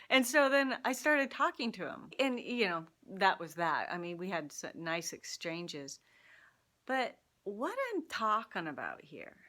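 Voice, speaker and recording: Bright-voiced woman telling a story. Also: fairly low pitch. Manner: animated storyteller who laughs often. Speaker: vlogger sharing personal insights. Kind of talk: casual storytelling to camera. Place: Seattle.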